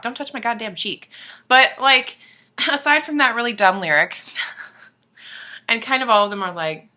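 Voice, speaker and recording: Gushing young woman, bright voice. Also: medium pitch, normal speed. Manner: gushing and excitable, swearing, sudden soft whispers and squeals. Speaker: vlogger. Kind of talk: casual chat to camera.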